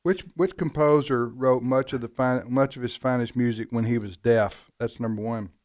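A man's voice: mid-range voice, steady tone, moderate pace, a little mellow, no echo, clean studio sound. A man co-hosting a call-in show, joking and mock-serious as he reads trivia questions. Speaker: radio show co-host. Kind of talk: casual chat, trivia questions.

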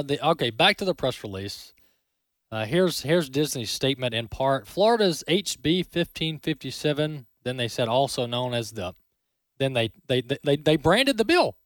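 A man's voice: a little high, no echo, clean studio sound. A man hosting an opinion commentary segment. He speaks emphatically, often repeats words and ends points with "all right?". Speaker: host.

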